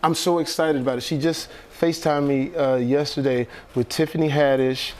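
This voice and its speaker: Man guest from Texas, slightly high voice, lively storyteller who laughs and restarts a lot. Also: normal speed, a little hiss or hum. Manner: animated storyteller, laughs often, many restarts. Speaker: actor guest. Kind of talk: casual chat on a morning TV show.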